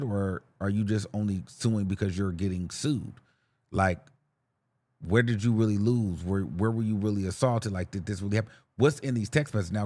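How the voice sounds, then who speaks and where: A young man hosting a podcast, giving sassy, campy celebrity gossip commentary to himself. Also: medium pitch. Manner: animated, sassy, campy slang, talks to himself. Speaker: podcast host.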